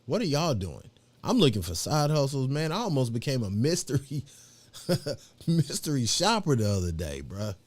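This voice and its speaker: A man's voice: mid-range voice, very animated, normal speed. A middle-aged man hosting a live show, chatting in a rambling, slangy way with lots of fillers. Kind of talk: casual livestream chat.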